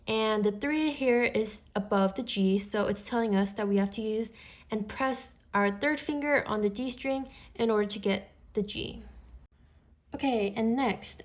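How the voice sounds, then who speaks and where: A woman's voice: medium pitch, a little mellow. A woman patiently explaining beginner music theory step by step, as a teacher.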